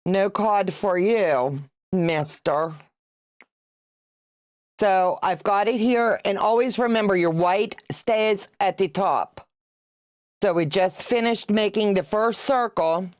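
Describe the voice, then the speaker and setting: A woman in her sixties talks at an unhurried, easy pace as she hosts a sewing livestream. She keeps up chatty banter with her viewers and teases them between laughs. Her voice sounds dry and close, with little room echo. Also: medium pitch, darkish tone. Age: 60s. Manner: chatty and teasing, reads out viewer comments, laughs often. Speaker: quilting livestream host. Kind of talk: casual livestream chat while sewing.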